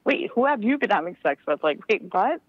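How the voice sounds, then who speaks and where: A woman calling in to a talk show who gossips in a lively, crude way. Her voice comes through dull and muffled, with a dry sound and no room echo. Her pitch is ordinary for a woman. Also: a little fast. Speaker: caller. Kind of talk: casual chat. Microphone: phone call.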